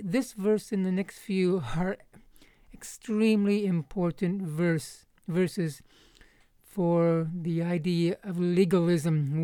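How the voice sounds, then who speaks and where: Woman commentator reading and explaining scripture; low, dry, close delivery. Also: mellow, no room sound. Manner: measured, explanatory, emphatic on quoted verses. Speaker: Bible commentator.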